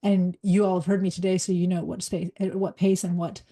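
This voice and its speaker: A middle-aged woman, a leadership coach and former psychologist, giving a live workshop talk in a fast, direct, energetic way. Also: fairly low pitch.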